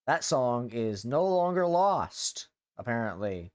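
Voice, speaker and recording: A man hosting a casual live stream as a VTuber, talking in loose, rambling chat. He swears freely and drifts from thought to thought in a mid-pitched voice. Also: expressive, a little slow, hardly any pauses.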